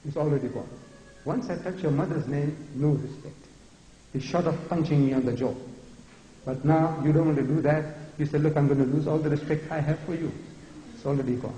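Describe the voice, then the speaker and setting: A man's voice: fairly high pitch, fairly quick, pauses often, a little hiss or hum. A man in his seventies giving an emphatic, repetitive public lecture. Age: 70s. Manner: emphatic, repetitive, animated preaching. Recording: echoey hall recording.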